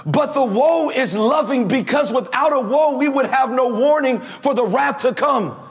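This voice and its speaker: A male preacher with a very high voice delivers a lively sermon in a church. He talks straight to his congregation, asking them to answer back and raise their hands. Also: normal speed. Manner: energetic, preaching with calls to the congregation.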